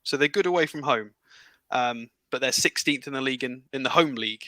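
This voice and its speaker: Brief: male stats analyst, careful and halting, bright sharp tone. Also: medium pitch, no echo, poor audio. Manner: careful and halting, many fillers. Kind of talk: casual football analysis chat.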